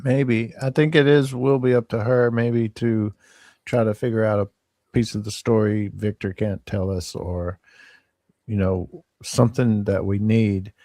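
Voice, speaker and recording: Slow, thoughtful low-voiced man. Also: fairly even intonation, mellow, dry recording. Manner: thoughtful, hesitant, searching for words. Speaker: co-host. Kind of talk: casual live theory chat.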